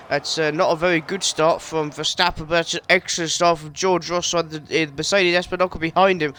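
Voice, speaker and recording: A man's voice: on the high side, level tone, fairly quick, few pauses, fairly bright tone, slight background noise. A man casually commentating over his own racing game playthrough, rambling, correcting himself often and cracking jokes. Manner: rambling, self-correcting, jokey. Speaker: gaming video creator.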